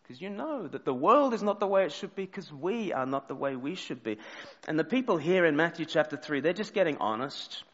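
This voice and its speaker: Male preacher, animated storyteller, hushed at solemn moments, dull reverberant church sound. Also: a little high, a little fast. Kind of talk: sermon.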